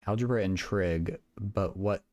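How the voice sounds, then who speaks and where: Doing math homework on a livestream, a young man chats casually and keeps stammering and repeating words. He speaks unhurriedly in a slightly mellow voice that sits on the low side.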